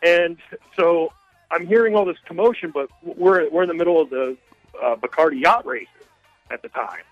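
A man's voice: a little high, normal speed, no room sound, soft background music. A male caller telling a long story on a radio call-in show, rambling and hesitant with many fillers. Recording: dull, dry phone line.

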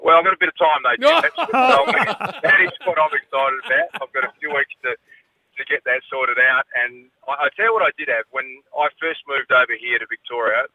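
Over a tinny phone-line radio connection, a South Australian caller chats casually, full of fillers and frequent laughter. His voice is a little high, animated, a little fast, pushed and bright.

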